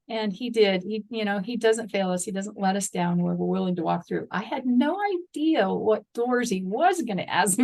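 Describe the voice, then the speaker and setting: A middle-aged woman speaks as a guest, sharing a heartfelt story of loss and faith. Her voice sits a little high, and she is earnest throughout. When she reads scripture aloud, she puts real feeling into it. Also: a little mellow, rough recording.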